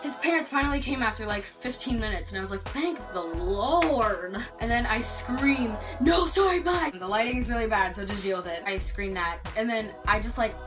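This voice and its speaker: A teenage girl from Canada telling a story in a lively vlog, acting out what people said. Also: mid-range voice, a little fast, hardly any pauses, recorded from a distance. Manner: animated storytelling, acting out quotes. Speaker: vlogger. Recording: voice off-mic with loud background music.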